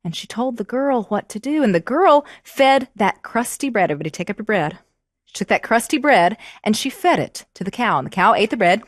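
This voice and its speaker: A woman storyteller telling a fairy tale to children, expressive and prompting them to join in. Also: a little high, normal speed, dry recording, studio quality.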